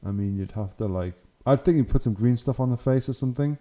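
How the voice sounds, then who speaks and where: Chatty man with a very dark voice. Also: mid-range voice, quick pace. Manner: chatty, enthusiastic, laughs often. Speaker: channel host. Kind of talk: casual commentary on hobby photos.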